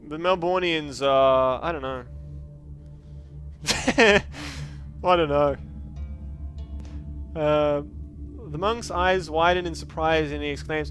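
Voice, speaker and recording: Man, high voice, casual game commentary, chatty and joking, soft music behind. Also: slow pace, long pauses. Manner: chatty, joking, thinking aloud. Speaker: streamer.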